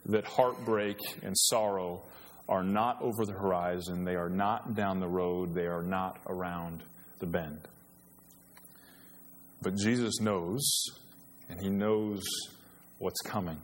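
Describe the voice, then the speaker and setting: Low-voiced pastor preaching in a reverberant hall. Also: male voice, measured pace. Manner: earnest, rising to emphatic when quoting scripture. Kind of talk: sermon. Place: church sanctuary. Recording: long reverb of a church hall.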